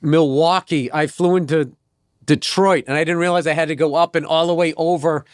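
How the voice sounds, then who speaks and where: Middle-aged male comedian guest, rambling and profane, slightly high voice, dry close mic. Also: a little fast, no room sound. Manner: rambling, profane, animated anecdotes. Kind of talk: casual storytelling.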